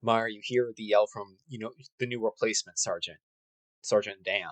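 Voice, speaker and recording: A man running a tabletop role-playing game, narrating in a casual, halting way. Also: on the low side, no echo, low-quality recording. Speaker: game master.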